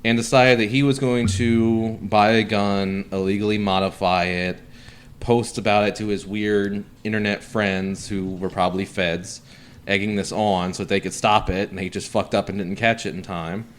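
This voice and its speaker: A man's voice: on the low side, level tone, moderate pace. Profane, sarcastic male podcast host. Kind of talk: casual podcast chat.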